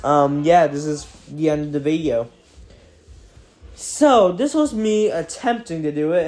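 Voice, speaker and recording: A teenage boy giving casual, profane video commentary, excitable and prone to sudden outbursts. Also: a little high. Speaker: gaming video creator.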